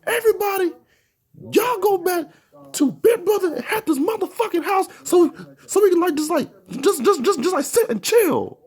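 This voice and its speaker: A panicked teenage boy wails in a shrill, cracking voice. His pitch swoops wildly and his whiny rant edges toward tears and shouting. It sounds like a kid terrified of getting in trouble. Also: animated, moderate pace. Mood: pleading. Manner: high-pitched, whiny, half-crying rants. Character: frantic teenage boy panicking over his mom's car.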